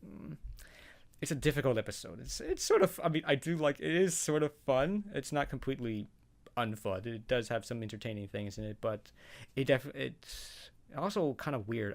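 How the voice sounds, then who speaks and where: A man casually talking through his thoughts on a cartoon episode, rambling and hesitant, with frequent chuckles. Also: medium pitch. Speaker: show reaction vlogger. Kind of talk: casual spoken commentary.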